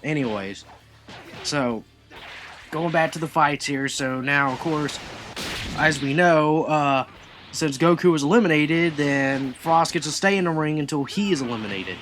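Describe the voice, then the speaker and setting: A man's voice: fairly high pitch, unhurried, fairly bright tone, faint music behind. A man casually reviewing an anime episode, chatty and rambling, full of asides as he recaps.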